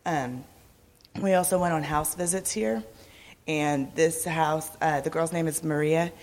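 Hoarse woman, gravelly, chatty, long hall reverb. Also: low voice, unhurried, a little mellow. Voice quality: raspy. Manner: laughs often, chatty. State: hoarse, lost her voice. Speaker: mission trip speaker. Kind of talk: church presentation talk. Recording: echoey hall.

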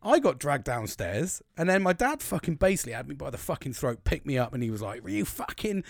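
A man's voice: mid-range voice, very animated, fast, creaky, no room sound. Swearing British man telling a story. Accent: British English. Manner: rambling, heavy swearing, laughing asides. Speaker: podcast host. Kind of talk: casual storytelling.

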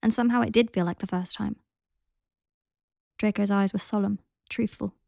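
A woman reads a story aloud with a gravelly, creaky edge to her voice. The recording is dry and close, with no room sound. Her delivery is gentle and even. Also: mid-range voice, moderate pace, dry recording. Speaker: podcast host and reader. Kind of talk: storybook reading.

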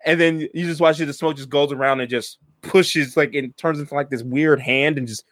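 A man's voice: fairly high pitch, steady tone, fairly quick, a bit bright, dry recording, studio quality. A young man narrating a tabletop game as game master, laughing through his storytelling.

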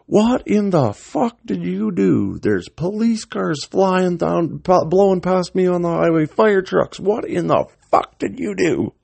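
A man voicing his furious middle-aged father, yelling and swearing down the phone. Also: high-pitched, sing-song, unhurried, creaky, few pauses, husky, no room sound, pitched above the performer's own voice, exaggerated voice. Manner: shouting, swearing.

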